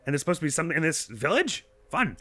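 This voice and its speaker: A young man with a slightly croaky morning voice, chatting and laughing at himself while playing a video game. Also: on the high side, big pitch swings, rapid-fire, bright, forceful tone. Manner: chatty, giggly, self-deprecating. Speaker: let's play host. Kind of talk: casual game commentary.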